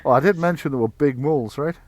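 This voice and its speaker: A man's voice: on the high side, fast, no echo, natural voice. A man voicing a sly older man with a Geordie accent, making rambling, folksy excuses. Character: gruff older man, sly, pipe-chewing.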